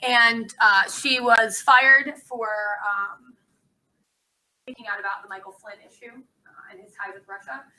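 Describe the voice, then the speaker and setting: A woman's voice: fairly high pitch, unhurried, pushed and bright. A woman teaching a class in a casual, chatty lecture style, with many ums and uhs, recorded in a classroom from a distance. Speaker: instructor.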